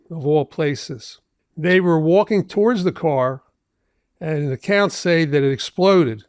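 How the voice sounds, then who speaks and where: A man in his seventies, a trial lawyer hosting his own podcast, telling stories from his cases in a measured, deliberate way. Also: a little high, clean tone, dry recording, studio quality. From Philadelphia area. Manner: measured, deliberate storytelling with asides. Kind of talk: storytelling podcast monologue.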